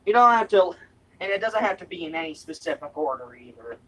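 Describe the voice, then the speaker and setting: A young adult live streamer at home, chatting playfully with goofy noises and sudden loud outbursts. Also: medium pitch, animated, fairly quick, far from the mic, low-quality recording. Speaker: live streamer reviewing snacks. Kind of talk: silly, rambling live-stream chat. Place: indoors at home, other people upstairs.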